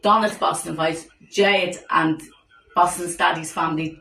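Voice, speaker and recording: A woman's voice: lowish voice, measured pace, vocal fry, sharp tone. A middle-aged woman who speaks emphatically and urgently for her grandchild. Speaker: grandmother of an autistic child. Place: hospital room. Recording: echoey room from far off, faint noise.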